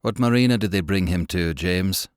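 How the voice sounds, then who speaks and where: A man's voice: deep voice, clear, resonant tone, no room sound, studio quality, natural voice. A man doing a cold, sadistic interrogator. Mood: mocking cruelty. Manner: cold, mocking, slow and menacing. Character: cold, sadistic male interrogator, middle-aged.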